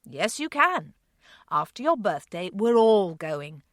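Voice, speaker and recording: A woman voicing a kind, patient grown man in an audiobook, speaking gently and reassuringly. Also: mid-range voice, sing-song, slow, no room sound, studio quality. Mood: gentle. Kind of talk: audiobook character voice.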